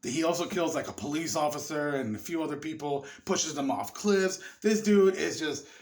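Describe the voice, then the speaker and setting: A man with a somewhat high-pitched voice talks through a film in a loose, rambling way. He curses freely and gets carried away with excitement, sounding a little tipsy. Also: moderate pace. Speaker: movie reviewer. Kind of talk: casual film review.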